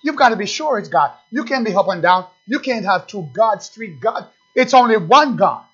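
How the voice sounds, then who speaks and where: High-voiced preacher, emphatic sermon. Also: male voice, lively intonation, a bit bright, husky. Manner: emphatic, slows down to stress scripture. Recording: dull lo-fi recording.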